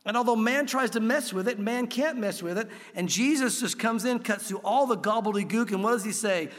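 Man, high voice, pastor preaching, emphatic conversational sermon, church hall with long reverb. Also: a little fast. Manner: emphatic, conversational preaching with sudden loud peaks. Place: church sanctuary.

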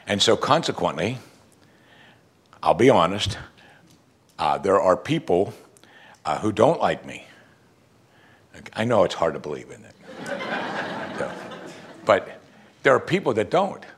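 A man preaching a sermon, animated and conversational, acting out quoted voices and jokes for the congregation. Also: sits low, slow pace, long pauses, a little hiss or hum. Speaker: pastor.

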